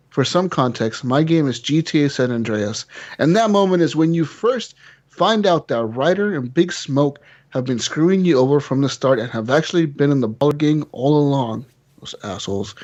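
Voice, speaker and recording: A man hosting a casual gaming podcast, cursing freely, laughing often and telling stories with animated energy. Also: medium pitch. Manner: profane, laughing, animated storytelling. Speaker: podcast host. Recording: slightly dull lo-fi audio.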